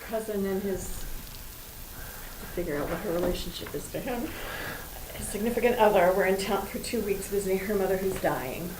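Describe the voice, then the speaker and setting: Woman, mid-pitch, matter-of-fact, recorded far off in a roomy, noisy space. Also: fairly quick. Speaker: training participant. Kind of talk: answering the leader in a group session. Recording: echoey, noisy, far from the mic.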